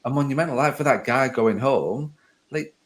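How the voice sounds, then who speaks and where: A man's voice: medium pitch, normal speed. A man hosting a podcast, chatting casually in a rambling, conversational way and often correcting himself mid-sentence. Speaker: podcast host.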